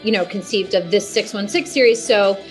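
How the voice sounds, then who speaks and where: A woman explaining how she joined a project in an interview, measured and explanatory. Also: medium pitch, soft background music, low-quality recording. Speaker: guest director. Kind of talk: interview answer.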